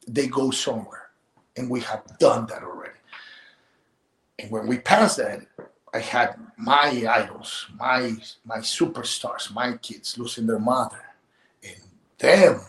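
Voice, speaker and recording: Emotional middle-aged man in echoey room. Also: mid-range voice. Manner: halting, repeats words, voice drops to near whisper at times. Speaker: interview guest. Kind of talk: emotional interview talk. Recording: roomy echo.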